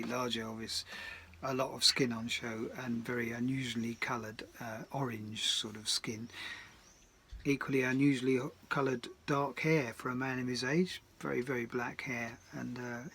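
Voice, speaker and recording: A man's voice: mid-range voice, a bit bright, slight background noise. A singer-songwriter telling a rambling, hesitant story between songs, recorded in his garden shed, with dry asides.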